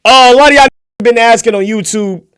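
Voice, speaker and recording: A young man streaming a casual reaction video, profane and mocking, swinging into shouts. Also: extremely high pitch, a little fast, clean tone, dry recording, studio quality.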